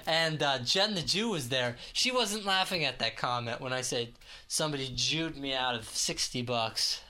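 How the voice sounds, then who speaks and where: A man's voice: medium pitch, normal speed, pushed and bright, a little hiss or hum. A young man rambling through a crude monologue to the camera, laughing at his own jokes and stumbling over his words. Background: guitar music.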